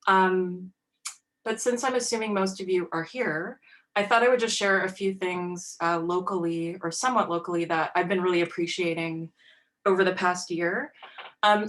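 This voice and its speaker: A woman's voice: mid-range voice, fairly bright tone, rough recording. Chatty woman giving an online artist talk. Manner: casual and chatty, many fillers. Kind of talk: online artist talk over video call. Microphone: video call.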